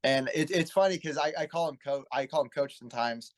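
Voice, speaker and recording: A man's voice: mid-range voice, brisk. A man in his twenties, a pro wrestler guest in a casual interview, telling his story in an earnest, rambling way and often correcting himself. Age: 20s.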